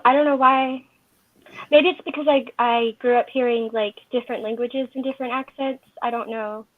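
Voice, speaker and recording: A woman chatting casually on a panel, telling stories in a lively, talkative way. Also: a little high. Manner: chatty, storytelling. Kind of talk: casual chat. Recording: tinny phone-like online call audio.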